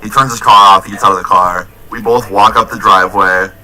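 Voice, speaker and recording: Young guy, casual swearing storyteller, sharp bright tone. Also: on the low side, a little fast, low-quality recording. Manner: casual, profane, animated retelling. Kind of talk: storytime vlog.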